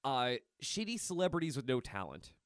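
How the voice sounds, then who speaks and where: A man co-hosting a comic book podcast, reading comics aloud and joking in a playful, animated way. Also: mid-range voice, moderate pace, smooth, no room sound, clean studio sound. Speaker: podcast co-host.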